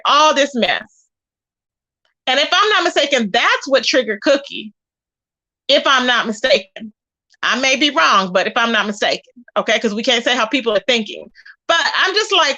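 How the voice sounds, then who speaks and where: A woman's voice: sits high, big pitch swings, moderate pace, bright, forceful tone. A woman hosting her own channel, giving sassy, emphatic gossip commentary straight to her viewers. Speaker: channel host.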